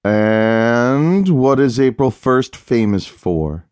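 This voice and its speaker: A man's voice: fairly low pitch, expressive, normal speed, a little mellow, no room sound, natural voice. A man voicing a laid-back husband who teases his wife in a dry, amused, matter-of-fact way. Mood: wry. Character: laid-back, teasing husband, unbothered and smug.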